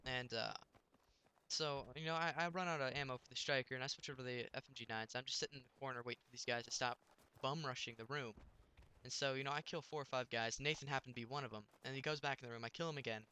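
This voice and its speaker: A man's voice: medium pitch, steady tone, fast talker, pushed and bright, clean tone. A young man telling a rambling story while commenting on his gameplay, with many restarts.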